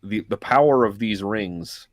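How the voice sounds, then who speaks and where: A man talking as a guest in a casual chat, matter-of-fact and calm as he explains. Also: on the low side, unhurried, dry recording, studio quality. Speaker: podcast guest.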